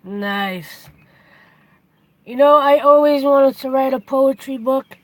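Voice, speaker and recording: A woman's voice: sits high, slow pace, no room sound, low-quality recording. A woman hosting a casual live stream, chatty, greeting and thanking her viewers as they come in.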